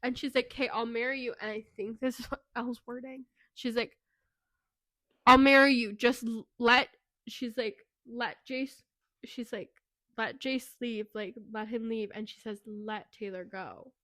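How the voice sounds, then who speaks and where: A woman co-hosting a book podcast, retelling a plot in casual, profane, animated chat. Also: fairly high pitch, normal speed, dry recording. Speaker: podcast co-host.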